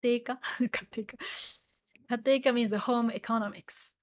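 A woman with a Japanese accent hosts a relaxed livestream lesson, sounding a bit tired. Her voice sits a little high. She talks in a chatty, rambling way, full of fillers. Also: moderate pace. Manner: chatty, many fillers, laughs often, spells out words. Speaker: Japanese language teacher.

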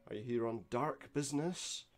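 A man's voice: mid-range voice, normal speed, faint music behind, close to an everyday voice. A man voicing a theatrical, self-important male occult shopkeeper who speaks in grand, archaic phrases. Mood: grandiose.

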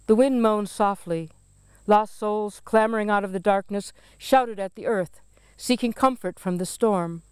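A woman poet reading her own poem aloud in a solemn, deliberate recitation. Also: medium pitch, darkish tone, clean tone, no room sound. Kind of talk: poetry reading.

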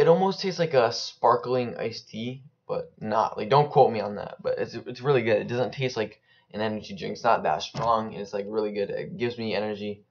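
A young man chatting casually and joking in slang while he plays an online game, rambling between rounds. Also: lowish voice. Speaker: gaming YouTuber. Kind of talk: casual gameplay commentary. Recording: slightly dull lo-fi mic.

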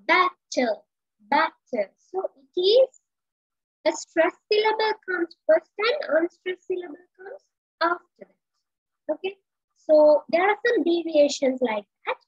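A woman teaching literature in an online video-call lecture, talking slowly with many fillers and restarts. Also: sits high, dry recording. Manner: slow, hesitant with many fillers. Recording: dull lo-fi video call audio.

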